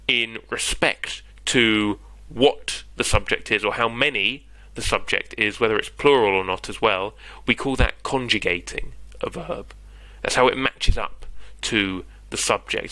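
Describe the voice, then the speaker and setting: Bright-voiced British man tutoring grammar. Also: medium pitch, dry recording, rough recording. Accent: British English. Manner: patient, conversational, checks in with "yeah?". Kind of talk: explaining grammar in an online lesson.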